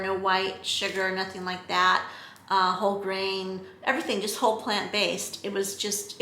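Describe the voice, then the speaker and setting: A woman's voice: medium pitch, bright, forceful tone, echoey room, slight background noise. A middle-aged woman talking casually to her camera, chatty and earnest with many fillers. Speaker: vlogger.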